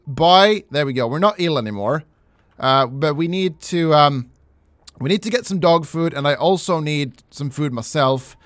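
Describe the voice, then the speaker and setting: Male let's play host, high and lively, joking and pleading, dry close mic. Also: no room sound. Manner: animated, jokey, mock-pleading begging, casual swearing. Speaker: gaming channel host.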